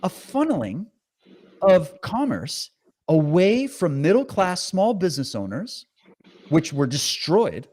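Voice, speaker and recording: A man's voice: a little high, takes it slowly. Male interviewer, swooping voice, heated and sarcastic. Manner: animated, sarcastic, indignant.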